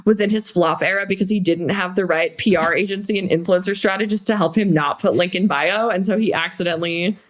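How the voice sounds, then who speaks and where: A young woman in her twenties co-hosting a casual chat podcast, rambling and giggly, with lots of upspeak and quotes acted out in high, silly voices. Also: brisk, hardly any pauses. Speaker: podcast co-host.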